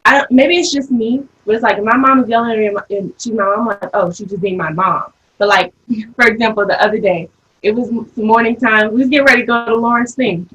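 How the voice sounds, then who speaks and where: A woman in her early twenties, a daughter, telling stories in a casual panel chat with an animated, laughing manner. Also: fairly high pitch, quick pace, breathy edge, poor audio. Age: early 20s. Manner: animated storytelling, laughs often.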